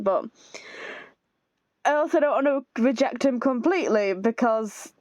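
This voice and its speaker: A woman's voice: a little high, measured pace, pauses often, darkish tone, no echo. A woman playing a story game and commenting on it casually. She is giggly and chatty as she reacts to the story. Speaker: let's play streamer.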